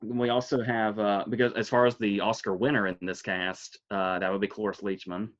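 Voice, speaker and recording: A man co-hosting a podcast in casual chat, laughing often and talking in an animated, rambling way. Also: lowish voice, moderate pace, muffled recording. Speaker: podcast co-host. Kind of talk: casual chat about films.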